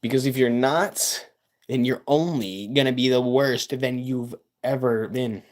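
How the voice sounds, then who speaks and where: A male streamer talking to his chat in an unhurried drawl. He hypes himself up and repeats lines for effect. His volume jumps from loud bursts down to low mutters. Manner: boastful, self-hyping. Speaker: live streamer. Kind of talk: casual livestream chat with viewers.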